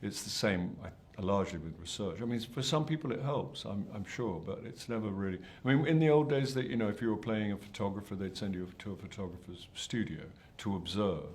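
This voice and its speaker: Low-voiced older actor, self-deprecating. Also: male voice, a little fast, few pauses, darkish tone. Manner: hesitant, self-deprecating, many restarts. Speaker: actor being interviewed. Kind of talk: press junket interview.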